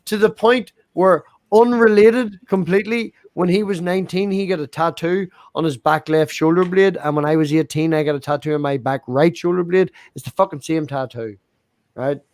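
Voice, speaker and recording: A man's voice: fairly high pitch, moderate pace, darkish tone, no room sound. A middle-aged man, joking crudely in casual podcast chat.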